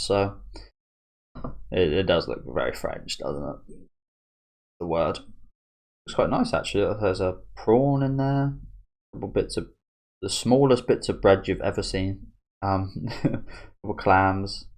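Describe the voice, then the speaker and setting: Low, gravelly man musing casually. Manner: chatty and musing, restarts phrases, chuckles often. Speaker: manga reaction host. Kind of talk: casual commentary while reading a manga.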